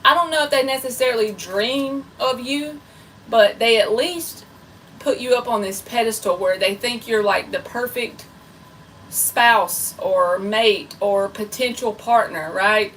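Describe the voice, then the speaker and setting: A woman's voice: a little high, a little slow, a bit bright, slight background noise. Chatty woman tarot reader, slightly distant. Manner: chatty and playful, self-described goofy. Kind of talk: live tarot reading.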